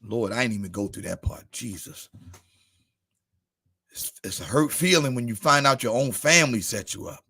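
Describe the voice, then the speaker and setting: A man's voice: medium pitch, lively intonation, normal speed, sharp tone, husky. A man preaching a sermon, addressing the congregation by name with rising and falling volume. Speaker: pastor.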